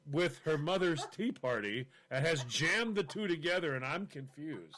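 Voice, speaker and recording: A man's voice: fairly high pitch, moderate pace, few pauses. A man co-hosting a casual chat, telling a story with acted-out voices. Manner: animated storyteller, acts out voices. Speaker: podcast co-host.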